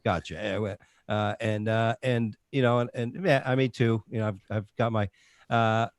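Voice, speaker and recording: A man's voice: fairly low pitch, steady tone, moderate pace, no room sound, studio quality. A man hosting a casual talk show, rambling with fillers and restarts. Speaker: show host.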